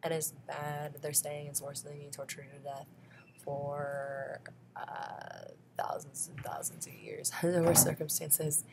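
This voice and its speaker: A woman's voice: sits low, measured pace, gravelly, noisy background. A woman talking straight to camera in a rambling vlog monologue, often breaking into laughs between phrases. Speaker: vlogger.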